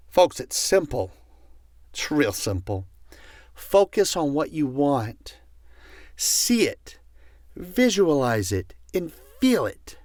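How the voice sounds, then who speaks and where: A man's voice: a little high, sing-song, slow, no room sound, studio quality. A man teaching a motivational audio course, passionate and emphatic, repeating key words for force. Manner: passionate, emphatic repetition, gets loud. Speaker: self-help speaker.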